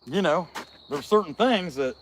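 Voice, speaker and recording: A man's voice: fairly high pitch, animated, a little slow, a little hiss or hum. A man, a chainsaw carver, telling a long casual story in a folksy, chatty way full of fillers.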